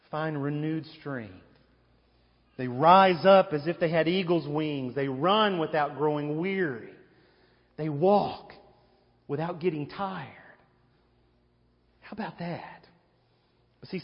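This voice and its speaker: A male pastor with a fairly high voice preaches emphatically, hammering points with repeated questions. His voice rings through a church hall with long reverb, and the recording sounds dull and lo-fi. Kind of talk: sermon.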